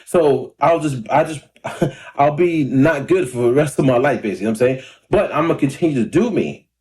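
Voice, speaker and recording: A man in his thirties chatting casually to camera in a rambling, laid-back way, a little hoarse and clearing his throat often. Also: medium pitch, lively intonation, brisk, a little mellow. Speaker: independent rapper and vlogger. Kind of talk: casual talking-to-camera vlog. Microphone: camera or phone mic.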